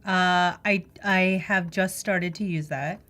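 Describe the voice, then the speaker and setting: A woman's voice: lowish voice, fairly even intonation, takes it slowly, a bit bright. A woman with a Philadelphia accent co-hosting a live stream, chatting in hesitant, agreeable replies. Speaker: livestream co-host. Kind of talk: casual chat.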